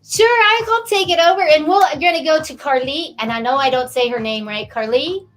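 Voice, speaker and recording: A woman's voice: sits high, fairly quick, a bit bright, rough recording. A woman hosting an online interview show, effusive and gushing toward her guests. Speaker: show host. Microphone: video call.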